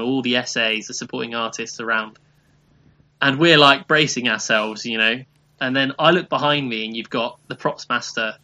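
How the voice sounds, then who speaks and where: Very bright-toned young man. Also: medium pitch. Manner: relaxed anecdotal telling with fillers. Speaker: guest. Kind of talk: casual chat.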